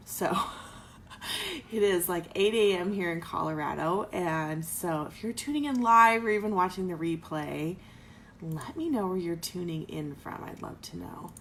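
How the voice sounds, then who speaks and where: A woman's voice: fairly low pitch, lively intonation, a little slow, gravelly, slight background noise, low-quality recording. A woman co-hosting a live health stream, talking casually and explaining with everyday examples from home. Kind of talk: casual live video talk. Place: home in Colorado.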